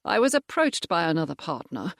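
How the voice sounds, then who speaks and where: A narrator voicing a genial older male village rector who speaks gently in an audiobook. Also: a little high, sing-song, a little fast, creaky, no echo, clean studio sound, exaggerated voice. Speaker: character in an audiobook. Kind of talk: audiobook character voice.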